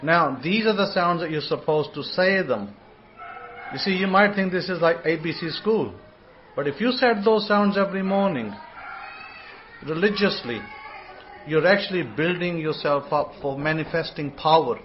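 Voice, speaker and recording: A man's voice: a little high, animated, slight background noise. Man teaching scripture over muffled audio. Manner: rambling, repeats words, sounds out syllables slowly. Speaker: host and religious teacher. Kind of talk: informal online scripture teaching.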